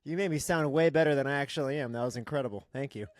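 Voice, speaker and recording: A man's voice: medium pitch, racing, dry recording, studio quality. A man from Boston, a videographer, talking as a podcast guest in a candid, joking way and swearing freely. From Boston, United States. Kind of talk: casual podcast interview.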